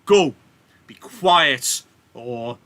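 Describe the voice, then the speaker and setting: Man putting on a loud, bossy older host, high strained shouting, bright and sharp. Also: steady tone, unhurried. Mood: angry scolding. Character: angry older male party host scolding a hothead.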